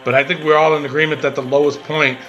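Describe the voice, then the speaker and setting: A man's voice: fairly high pitch, little pitch movement, quick pace, a bit bright, highs cut off, faint music behind. A man co-hosting a wrestling podcast, chatting casually and joking with lots of laughter. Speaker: podcast co-host. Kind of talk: casual chat.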